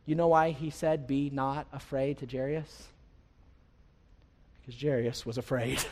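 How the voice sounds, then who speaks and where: A man preaching a sermon as a pastor, conversational with light humor, swinging from quiet stretches to loud, rising passages. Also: medium pitch. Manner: preaching with wide swings in loudness, rising to near-shouts. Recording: long hall reverb.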